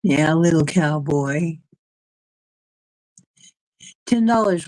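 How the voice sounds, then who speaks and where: A woman's voice: sits low, slow, pauses often, a little mellow, dry recording, low-quality recording. A middle-aged woman hosting a casual livestream, rambling from topic to topic and reacting to chat comments as they come in. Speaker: livestream host reading chat.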